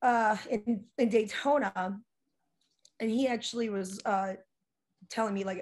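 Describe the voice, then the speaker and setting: A woman from South Dakota, a rock singer, telling stories as a guest in a casual, animated way, with lots of "like" fillers. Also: mid-range voice, a little slow, pauses often. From South Dakota, USA. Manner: animated, chatty, many "like" fillers. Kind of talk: casual storytelling in conversation.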